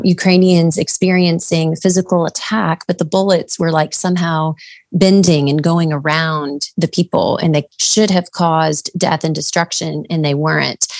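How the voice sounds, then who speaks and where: Low-voiced earnest woman, dry sound. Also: no room sound. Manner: earnest and reflective, with many fillers. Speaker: podcast co-host. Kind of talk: casual faith chat.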